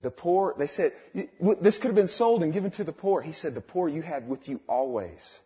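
Young guy preaching his testimony, high voice, swings quiet to loud, kinda muffled lo-fi. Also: animated, a little fast. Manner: fervent, swings from quiet to exclaiming. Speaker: speaker giving a testimony. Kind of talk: sermon testimony. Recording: dull lo-fi recording.

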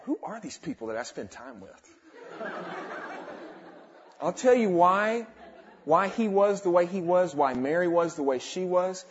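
Young guy preaching his testimony, high voice, swings quiet to loud, kinda muffled lo-fi. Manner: fervent, swings from quiet to exclaiming. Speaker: speaker giving a testimony. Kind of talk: sermon testimony. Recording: dull lo-fi recording.

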